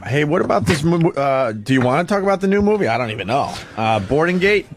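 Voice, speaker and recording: A man's voice: fairly high pitch, sing-song, fast, slight background noise. A male radio host joking sarcastically in casual studio banter.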